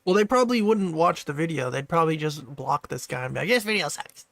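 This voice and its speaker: A man's voice: a little high, lively intonation, fast talker, vocal fry, fairly bright tone. A man casually reacting to a video on a live stream, reading chat questions aloud and answering in a laid-back way.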